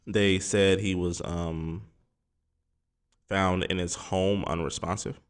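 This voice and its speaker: A man's voice: low voice, fairly even intonation, slow, clear, resonant tone. A man hosting a solo sports podcast, talking casually and rambling with lots of filler words. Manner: rambling, filler-heavy, informal.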